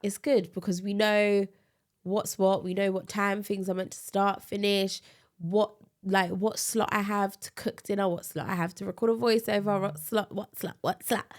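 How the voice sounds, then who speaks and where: A woman co-hosting a casual podcast chat. She sounds tired and a bit bunged up with a cold, and she talks in an animated way with frequent laughs. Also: mid-range voice, moderate pace. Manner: chatty, animated, laughs often. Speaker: podcast co-host.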